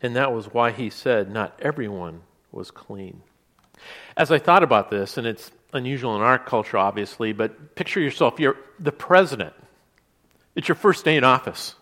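A man preaching a sermon in a relaxed, conversational way, with asides and restarts. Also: mid-range voice, moderate pace. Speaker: pastor.

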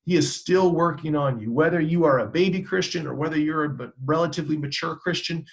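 A man's voice: on the high side, normal speed, vocal fry. A man, a pastor, preaching a sermon with emphatic, repetitive exhortations.

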